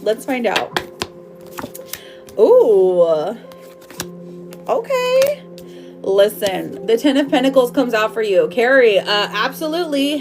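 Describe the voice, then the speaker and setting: A woman doing a live tarot reading for viewers, bubbly and affectionate, chatting loosely with lots of fillers and laughs. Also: fairly high pitch. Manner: affectionate, calls viewers girl and my love. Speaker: tarot reader.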